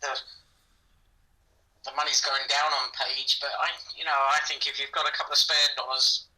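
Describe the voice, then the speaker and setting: A man's voice: mid-range voice, level tone, moderate pace, sharp tone. A man co-hosting a podcast, laid-back and trailing off mid-sentence, heard over distant call audio. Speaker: podcast co-host. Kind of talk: casual fight-pick chat.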